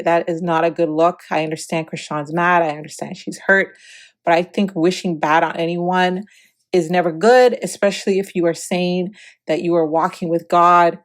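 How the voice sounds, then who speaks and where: A woman hosting a celebrity gossip vlog, giving preachy, opinionated commentary with emphatic repetition. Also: lowish voice.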